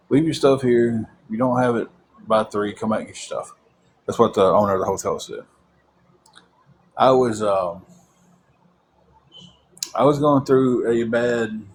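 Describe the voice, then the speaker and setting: A man's voice: lowish voice, a little hiss or hum. A man telling a long personal story about his faith, rambling with frequent restarts.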